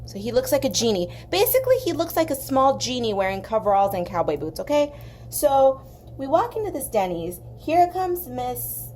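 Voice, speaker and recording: A young woman from southern California, hosting an art channel, telling a long story in a chatty, animated way while she colors. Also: on the high side, a little hiss or hum. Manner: chatty, animated, acts out quoted voices.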